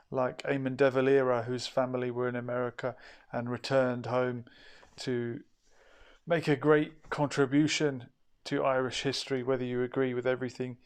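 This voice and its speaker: Slow, level-toned male show host. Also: mid-range voice, smooth. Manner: measured and slow with frequent hesitations. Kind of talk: talk-show monologue on history.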